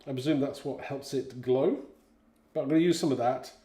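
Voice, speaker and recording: A man's voice: medium pitch, a little fast, mellow, reverberant. A man in his fifties from Britain, hosting a live craft stream in a casual, chatty way, reading viewers' comments aloud and laughing often. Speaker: craft livestream host.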